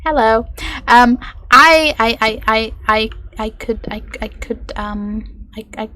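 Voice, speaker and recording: A woman's voice: on the high side, slow, bright, forceful tone. A woman streaming a horror game live, chatting to her viewers in a chatty, self-mocking way, swearing and joking.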